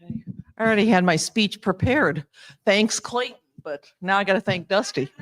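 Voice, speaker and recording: A woman's voice: mid-range voice, animated, poor audio. Older lady handing out an award, stumbly and jokey, laughs a lot. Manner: halting, self-deprecating, laughs between phrases. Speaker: award presenter. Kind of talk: informal speech at an awards ceremony. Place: live awards event.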